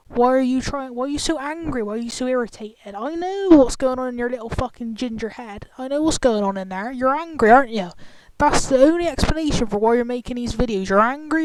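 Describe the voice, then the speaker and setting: A woman ranting in an angry, profane, confrontational vlog commentary. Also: on the high side. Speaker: vlogger. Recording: clicky, glitchy, noisy screen-recorder audio.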